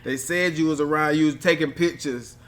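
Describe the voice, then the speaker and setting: A man's voice: fairly high pitch, brisk, a bit bright, soft background music. A man co-hosting a casual chat podcast as a newlywed groom, speaking in in a laid-back way that drops to a murmur, and laughing often.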